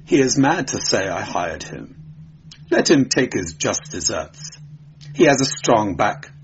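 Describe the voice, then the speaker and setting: Man playing a lisping fop nobleman, affected and languid, low voice, slightly muffled. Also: sing-song, unhurried, a little hiss or hum.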